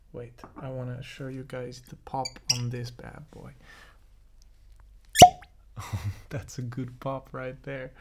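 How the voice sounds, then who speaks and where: A man's voice: medium pitch, slight background noise. Laid-back rambling man in home studio. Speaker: music producer and host. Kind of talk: casual studio vlog chat. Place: home studio in his apartment.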